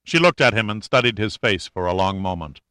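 A man narrating an audiobook in an even, measured storytelling manner. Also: lowish voice, clean tone, no echo.

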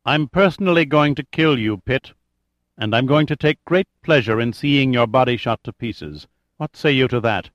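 A silky, menacing villain, as a male audiobook narrator puts him on speaks with calm, controlled threat. The voice sits at a middle pitch, raised a little above the reader's own. The sound is dry and close. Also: moderate pace, dry recording, muffled recording, natural voice. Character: silky menacing male terrorist leader, adult.

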